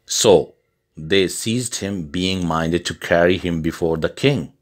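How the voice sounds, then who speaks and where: A man reading a storybook tale aloud as scripted narration for English learners, slow and deliberate. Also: deep voice, fairly even intonation.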